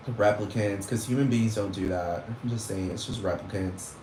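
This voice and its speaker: A man launches into a meandering rant, exasperated and scoffing, cursing constantly throughout. He speaks at normal speed in a darkish voice on the low side, recorded in an echoey room with faint noise.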